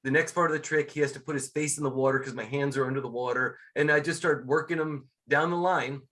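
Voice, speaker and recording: A middle-aged man talks casually as an interview guest, sitting a little higher in pitch than most men. He tells stories with energy and acts out the voices of the people in them. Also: fast talker. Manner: lively storyteller, acts out quotes. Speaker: guest, scuba instructor and magician.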